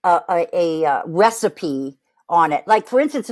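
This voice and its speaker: A woman vocal coach chatting casually about a song, lively, and acting out voices as she talks. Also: mid-range voice, moderate pace. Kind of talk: casual chat, reacting to a song.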